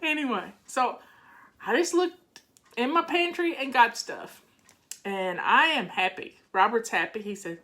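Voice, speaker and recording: An older woman hosting a casual live chat about home organizing talks back to viewer comments, chatty and folksy. She's on the high side and very animated, going a little slowly with a fairly bright tone.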